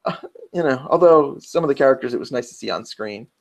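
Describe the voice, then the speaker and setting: This podcast co-host talks fast, his medium-pitched, creaky voice animated and carrying a New York accent. In the casual round-table chat he rambles chattily and keeps breaking off to restart what he's saying.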